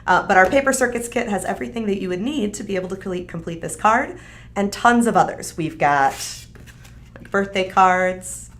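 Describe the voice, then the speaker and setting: Hosting a live stream, a woman with a medium-pitched voice and moderate pace shows off a craft kit in a casual product demo, staying upbeat and chatty with frequent fillers.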